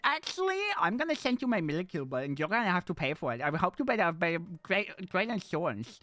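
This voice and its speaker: A man streaming live in casual chat, playful and animated, jumping from excited squeals to low mutters. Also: fast, few pauses, dry recording, soft background music.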